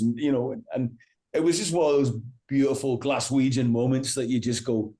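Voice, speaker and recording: A male rock musician chats through a relaxed interview, spinning long anecdotes. He keeps restarting his sentences and dropping in "you know", and he acts out what other people said as he goes. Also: medium pitch, moderate pace. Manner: animated anecdote-teller, acts out quoted voices, many restarts and "you know". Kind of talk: casual interview storytelling.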